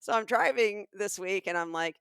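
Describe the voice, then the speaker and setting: A woman's voice: mid-range voice, normal speed, fairly bright tone, smooth, no echo, studio quality. A woman in her fifties with a Southern American accent, co-hosting a comedy podcast in casual, teasing chat. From Alabama, USA. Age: 50s. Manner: playful, teasing, breaks into laughter. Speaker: podcast co-host.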